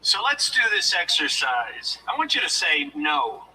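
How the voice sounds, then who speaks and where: A former law enforcement officer giving a motivational lecture, coaching his audience in a deliberate, demonstrative way, recorded from a distance. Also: a little high, sing-song, sharp tone, a little hiss or hum.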